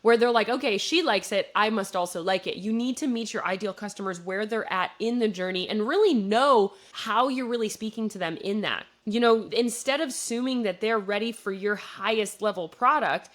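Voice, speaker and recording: A woman's voice: medium pitch, moderate pace, few pauses, a bit bright. Chatty young Midwestern woman podcaster. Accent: Midwestern American. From Wisconsin. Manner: conversational and explanatory, many fillers. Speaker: podcast host, marketing coach. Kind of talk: solo business podcast commentary.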